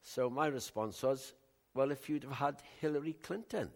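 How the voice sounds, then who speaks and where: An older man from West Wales with a West Welsh accent, a Christian minister telling rambling, animated stories of his week in a casual talk. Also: medium pitch, normal speed. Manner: rambling, animated storytelling with many restarts.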